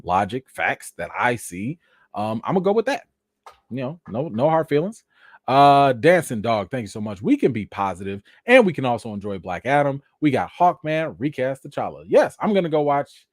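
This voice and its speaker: A man hosting a casual live-stream chat, thanking viewers and reacting to news, animated and excitable. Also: no echo, studio quality. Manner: animated, jumps high when excited, addresses chat directly.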